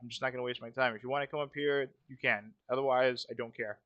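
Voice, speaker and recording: A man's voice: mid-range voice, steady tone, quick pace, highs cut off. A man hosting a casual livestream, talking bluntly with lots of swearing and repeated phrases. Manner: blunt, profane, repeats himself. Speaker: livestream host.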